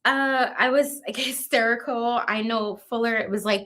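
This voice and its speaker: Halting woman in her fifties, fairly high. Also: fairly even intonation, sharp tone. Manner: halting, restarts and repeats "you know what I mean". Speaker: interview guest. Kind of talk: emotional personal account.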